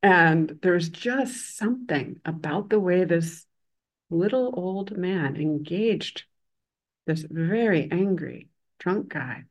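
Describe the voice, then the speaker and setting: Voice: medium pitch, poor audio. Reflective Buddhist teacher telling a story. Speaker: hospital chaplain and Buddhist teacher. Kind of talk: dharma talk with storytelling.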